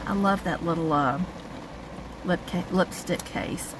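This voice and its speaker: A woman's voice: fairly low pitch, a little slow. A woman vlogger, talking casually and rambling to camera from a parked car. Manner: chatty, rambling, with fillers and small laughs. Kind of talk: casual vlog talk to camera. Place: parked car on a rainy day. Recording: noisy car interior with rain. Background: rain and car sounds.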